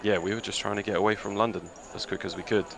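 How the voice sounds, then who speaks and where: A man voicing a guarded young man on the run, speaking in a halting, subdued way during a tabletop game. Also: lowish voice, fairly even intonation, vocal fry, noisy background. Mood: somber. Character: guarded young man fleeing a gang past. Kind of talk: tabletop game role-play.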